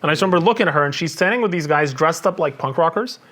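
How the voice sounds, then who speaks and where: A man's voice: fairly high pitch, lively intonation, very fast, fairly bright tone. A man in his forties hosting a casual chat, telling stories animatedly and mimicking the people in them. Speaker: host.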